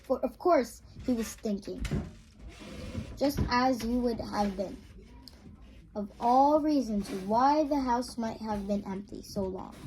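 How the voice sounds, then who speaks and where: Reader: woman, unhurried, slightly high, stumbles and repeats while reading aloud. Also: background noise. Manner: halting, restarts and repeats words.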